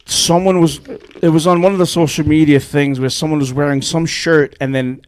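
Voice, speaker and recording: A man in casual podcast chat, blunt and quick to swear. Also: a little high, steady tone, a little mellow.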